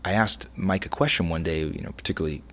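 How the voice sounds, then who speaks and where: Very low gravelly man telling stories. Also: fast. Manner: rambling, many restarts, animated storytelling. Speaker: chef and restaurateur, guest. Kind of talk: casual interview conversation.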